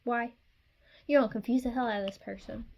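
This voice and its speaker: A woman's voice: a little high, steady tone, brisk, gravelly, darkish tone, poor audio. A woman giving a casual tarot reading straight to the viewer, chatty and sassy. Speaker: tarot reader.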